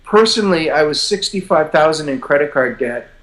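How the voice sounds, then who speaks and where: An older man being interviewed, telling his story in a relaxed, self-deprecating way with frequent chuckles. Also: fairly high pitch, a little fast. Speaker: interview guest, publisher.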